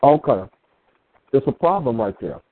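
A man co-hosts a radio talk show, weighing his words slowly and leaning hard on his points. His voice sounds thin and boxy, as if heard over a phone line. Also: mid-range voice, big pitch swings. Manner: deliberate, measured and emphatic, with restarts.

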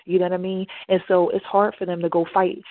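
A woman talks earnestly and pauses often on "um" as she works through her point. Her voice sits somewhat low. It comes through a narrow, phone-like line with a dry sound. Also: level tone, dry recording. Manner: earnest, many hesitations and ums. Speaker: radio show panelist who works with youth in the court system. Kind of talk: casual talk radio commentary.

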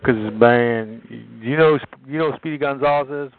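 A man's voice: medium pitch, normal speed, clean tone, no echo. A man on a chat line, teasing another caller with jokes. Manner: teasing, joking. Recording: tinny phone line.

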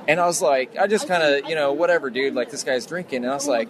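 A man's voice: fairly high pitch, fast talker, few pauses, a crowd in the background. A man casually telling an anecdote at a convention, acting out what people said. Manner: animated, acts out quotes. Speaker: convention interviewee. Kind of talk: casual storytelling. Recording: noisy street background.

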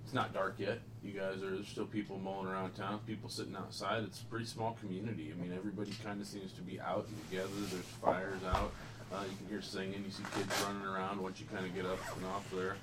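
Low-voiced man running a tabletop game. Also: level tone, fast. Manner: loose, rambling description with fillers. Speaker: game master. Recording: distant mic, background noise.

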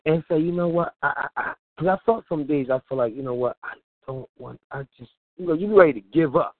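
Brief: lively male radio host with a slightly high voice, chatty preaching, tinny and dry. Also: fairly quick, no echo. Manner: animated, laughing, preachy and colloquial. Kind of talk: casual preaching talk. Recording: tinny phone-like line, dry.

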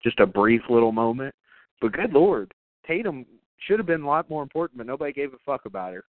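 A man's voice: medium pitch, very animated, fast talker, no echo. A man co-hosting a podcast, recapping a horror movie in casual, profane chat with lots of fillers and laughs. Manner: profane, rambling, laughs often. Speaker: podcast co-host. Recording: tinny phone-like, dry sound.

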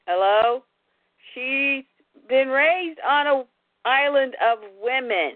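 A woman's voice: high voice, animated, slow, no room sound. A woman co-hosting a casual chat about comics, chatty and exclaiming. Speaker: podcast co-host. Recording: dry, tinny phone-like line.

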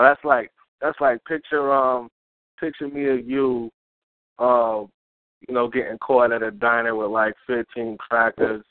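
A man calling in to a chat show, speaking haltingly with fillers and dry chuckles. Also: mid-range voice, no echo. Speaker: caller. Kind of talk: casual call-in chat. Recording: dry phone-like call audio.

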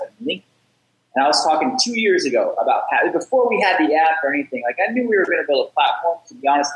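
A man's voice: medium pitch, fairly bright tone, reverberant, low-quality recording. A man telling stories as a guest on a casual interview show. He talks with energy and repeats words as he starts sentences. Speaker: podcast guest, startup founder. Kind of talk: casual interview talk, storytelling.

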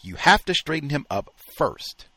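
A man's voice: fairly high pitch, sing-song, moderate pace, pushed and bright, no echo, pitched above the performer's own voice, full character voice. A man reading as choked, angry dog trainer Keys. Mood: insisting. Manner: choking, words coming out between gulps. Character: man who trains dogs, choked with anger.

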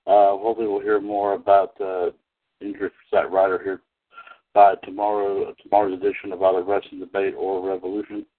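A man hosting a casual wrestling podcast, talking haltingly with lots of fillers and easy laughs. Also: sits low, completely flat delivery. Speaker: podcast host. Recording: tinny phone-line sound.

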